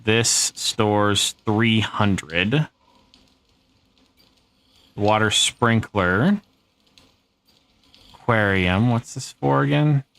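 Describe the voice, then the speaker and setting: In a dry recording, a man with a fairly bright voice on the low side chats through a survival game live. He's relaxed, voicing his thoughts and letting setbacks slide.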